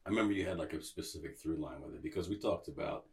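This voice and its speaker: A man's voice: a bass voice, racing. A man hosting a casual podcast chat, telling stories animatedly with laughs and casual swearing. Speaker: podcast host.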